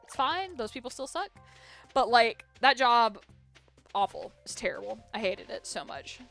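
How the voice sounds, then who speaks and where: A woman's voice: fairly high pitch, animated, normal speed, vocal fry, fairly bright tone, soft background music. A woman game streamer chatting casually while she plays, rambling through a story with lots of "like" and free swearing.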